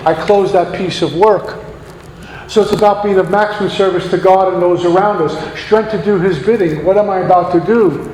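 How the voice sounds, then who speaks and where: A man gives an earnest, preacherly talk to a recovery meeting, piling up rhetorical questions. His voice sits high for a man and rings through a long-echoing hall. Faint noise hangs underneath. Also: steady tone, moderate pace, darkish tone. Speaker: guest speaker at a recovery meeting. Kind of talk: recovery meeting share, sermon-like.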